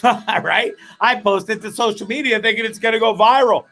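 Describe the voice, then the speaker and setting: A man hosting a comedic live show, telling stories in a rambling, profane, animated way. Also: high voice, normal speed, gravelly, few pauses, faint music behind. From Canada. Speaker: host.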